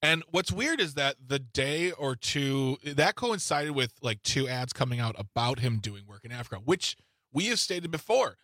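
Male talk radio co-host: emphatic, indignant, bright tone, dry close mic. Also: medium pitch, animated, normal speed, no room sound. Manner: emphatic, indignant, frequent restarts.

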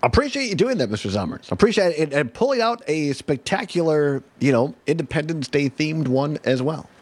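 A man hosting a casual chat show, animated, laughing often and restarting his sentences. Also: a little high, brisk, slight background noise. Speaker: show host.

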